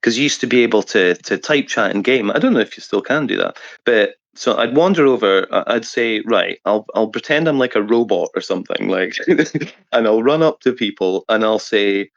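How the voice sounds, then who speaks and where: A man's voice: on the low side, normal speed, creaky, no room sound, lo-fi sound. A man as an interview guest, swearing and laughing as he tells gaming stories over a headset. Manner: animated anecdotes, frequent swearing and laughter. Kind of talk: casual storytelling.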